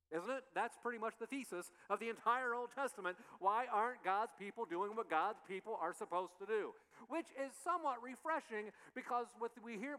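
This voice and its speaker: A man's voice: high-pitched, fairly bright tone, clear, resonant tone. A male pastor preaching a sermon in a conversational way, often repeating rhetorical questions to the congregation. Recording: long reverb of a large hall.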